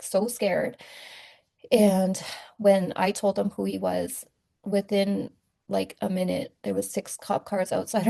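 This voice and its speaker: A young woman talks straight to her viewers in a relaxed, candid way, loose and full of fillers. Her voice has a heavy gravelly fry, and her tone sits dark and mellow. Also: mid-range voice. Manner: candid, conversational, many fillers. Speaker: vlogger sharing her testimony. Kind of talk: casual personal testimony.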